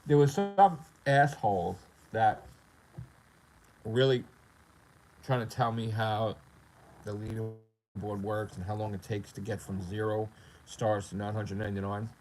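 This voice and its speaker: A man's voice: on the low side, measured pace, long pauses, a little mellow, a little hiss or hum, poor audio. A man talking casually on his gaming livestream in a profane, boastful, rambling way. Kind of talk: casual live-stream rant.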